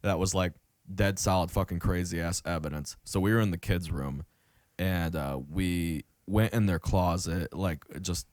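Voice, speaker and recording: Profane rambling young man, low voice. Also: a little mellow, no echo, clean studio sound. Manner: profane, rambling storyteller, lots of fillers. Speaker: podcast host. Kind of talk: casual chat.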